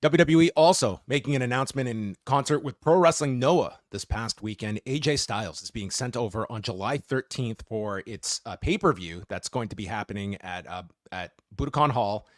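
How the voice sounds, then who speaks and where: A man's voice: medium pitch, normal speed, hardly any pauses, dry recording, clean studio sound. A man co-hosting a podcast, chatting casually with a wry, joking manner as he wraps up segments. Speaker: podcast co-host.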